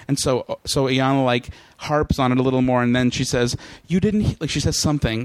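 Man, young adult, podcast guest, animated storytelling, mocking impressions, medium voice, dry. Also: mid-range voice, a little fast, hardly any pauses, dry recording. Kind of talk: casual comedic storytelling.

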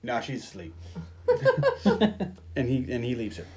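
A man hosting a podcast, casually retelling a movie plot and quickly acting out the characters' lines. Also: medium pitch, wildly swooping pitch, a little mellow. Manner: storytelling, acting out scenes in quick quoted voices. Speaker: podcast host. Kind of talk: casual movie recap chat.

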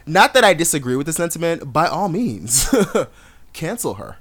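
A young adult man co-hosting a podcast, chatting casually with an animated, sassy storytelling style and frequent laughs. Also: medium pitch, normal speed. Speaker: podcast co-host. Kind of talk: casual chat.

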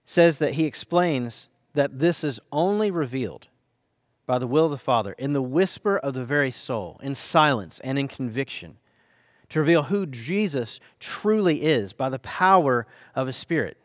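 An American man, a pastor, delivering a sermon with earnest, dynamic emphasis, slowing down to stress key phrases. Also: medium pitch, expressive, no room sound, clean studio sound.

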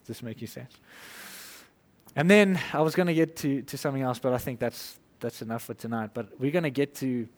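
A man preaching an informal sermon, conversational and animated, acting out little quotes and laughing as he goes. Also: mid-range voice, quick pace, few pauses, big-room sound.

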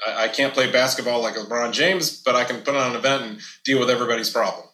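Fast, bright-voiced business owner. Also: male voice, mid-range voice, reverberant. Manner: animated, acts out quoted dialogue. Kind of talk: casual interview talk.

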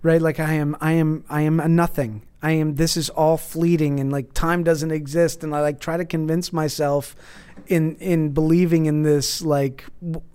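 Guy rambling thru a story on a podcast, kinda high voice, lots of stops and starts. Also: level tone, normal speed, a little mellow, smooth. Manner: rambling storytelling with many restarts. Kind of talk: casual chat.

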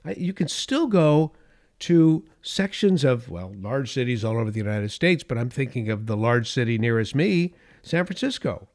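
A middle-aged or older political commentator delivers an emphatic opinion monologue at a moderate pace, his medium-pitched voice making big swings. He hammers key phrases through repetition and drops into soft asides.

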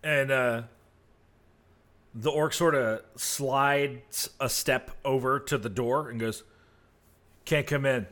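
A man narrating a tabletop game as game master, in a relaxed, easygoing way. His voice sits in a middle pitch, with casual, self-deprecating asides. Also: slow pace.

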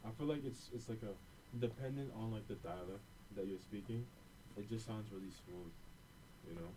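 A man's voice: lowish voice, normal speed, noisy background. A young man in casual chat, hesitant and searching for words.

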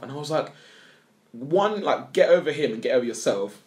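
A man's voice: medium pitch, moderate pace. A young man, co-hosting a casual podcast chat, rambling and swearing as he tells stories. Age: young adult. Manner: rambling, swears, animated storytelling. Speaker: podcast co-host.

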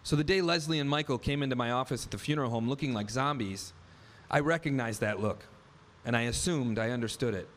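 With hardly any pauses, this medium-pitched man in his thirties briskly tells a personal tale on stage. He's a wry, vivid live storyteller who plays out the dialogue in his own words.

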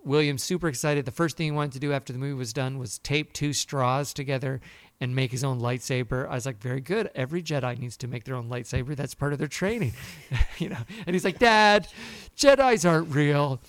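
A man co-hosting a podcast, telling a story in a lively way and acting out the people he quotes. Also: medium pitch, quick pace, no room sound. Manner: animated storyteller, acts out quotes. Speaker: podcast co-host. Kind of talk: casual chat.

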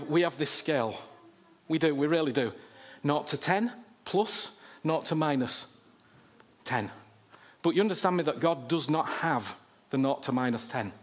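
A man preaching a sermon, impassioned and repetitive, often asking "you understand me?". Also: on the high side.

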